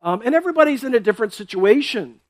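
A man's voice: extremely high pitch, lively intonation, quick pace, dry recording. A man pastor giving a sermon in a conversational way, often checking in with "right?" and "okay?" and repeating words as he explains.

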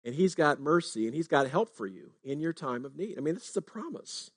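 Guy preaching, chatty, keeps asking right?, bit higher voice, dry close sound. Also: big pitch swings, fairly quick, dry recording. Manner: conversational preaching, frequent "right?" tags. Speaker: pastor. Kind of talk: sermon.

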